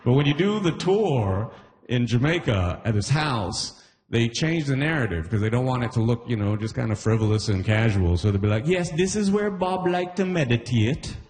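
A male stand-up comedian works a live room, his pitch swinging widely as he builds each joke. His voice is mid-range. Steady crowd and room noise sit clearly behind him. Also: normal speed, big-room sound. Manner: animated, jumps into put-on voices for bits. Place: live comedy venue with audience.

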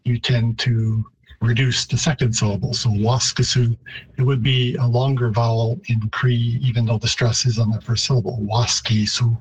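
A man, a linguistics professor, explaining word pronunciations in a radio interview, pausing and restarting as he goes. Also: mid-range voice, level tone, a little mellow, husky, low-quality recording.

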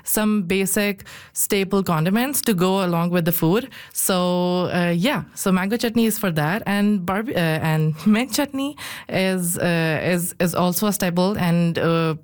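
Soft-spoken woman from Pakistan, hesitant. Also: on the low side, unhurried. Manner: hesitant, many fillers, laughs often. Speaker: guest cook. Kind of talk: radio interview.

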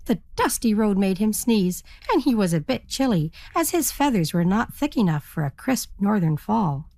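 A woman storyteller narrating a children's story in an animated, expressive manner. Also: medium pitch, moderate pace.

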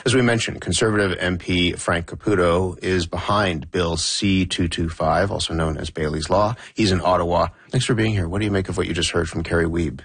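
Deep-voiced male radio news host. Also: steady tone, husky, no echo. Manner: measured, composed delivery. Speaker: radio current affairs host. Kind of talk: news radio presenting and interviewing. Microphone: studio microphone.

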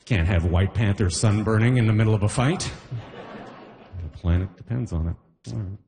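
A man doing a stand-up comedy set on a theatre stage into a handheld mic, animated and jumping into silly voices for his bits. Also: lowish voice, normal speed.

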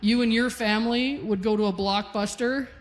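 A woman's voice: on the high side, steady tone, moderate pace, in a large hall. A Canadian woman in her forties doing a stand-up comedy set, brash and self-deprecating in her storytelling. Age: 40s.

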